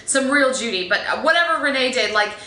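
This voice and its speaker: Speaking a little fast in a high-pitched, expressive, bright and forceful voice, a woman vents about a film in a rambling, opinionated review riddled with fillers and restarts. The phone recording has an echoey room sound with faint ambience.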